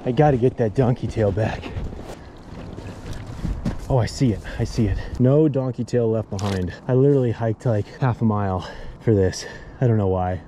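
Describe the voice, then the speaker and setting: A man hosting a fishing vlog, talking in an enthusiastic, excitable way outdoors by a snowy stream. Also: fairly low pitch, normal speed, long pauses, noisy background. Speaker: fishing channel host.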